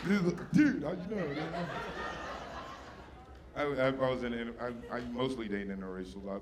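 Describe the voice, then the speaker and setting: A man on stage doing a stand-up set, his voice sitting in an ordinary middle pitch. He talks brashly and profanely as he teases people in the audience. A large crowd laughs loudly around him. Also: normal speed. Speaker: stand-up comedian. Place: stage before a live audience. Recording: live show with loud audience laughter.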